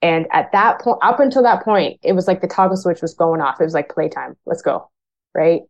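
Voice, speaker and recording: A woman's voice: lowish voice, brisk, lo-fi sound. A woman from Canada who works as a firefighter, telling her story frankly and plainly, acting out remembered conversations. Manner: frank, plain-spoken, acts out remembered dialogue. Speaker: firefighter guest. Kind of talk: candid personal storytelling.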